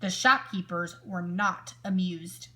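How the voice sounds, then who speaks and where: Bright, expressive woman teacher reading aloud. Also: on the low side, slow. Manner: expressive, asks the listeners questions. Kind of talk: reading a picture book aloud to children.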